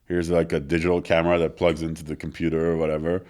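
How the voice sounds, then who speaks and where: Man, very deep voice, interview guest, rambling story, lots of "like", studio. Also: fast talker. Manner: animated anecdote with quoted voices, filler-heavy. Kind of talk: casual storytelling. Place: recording studio.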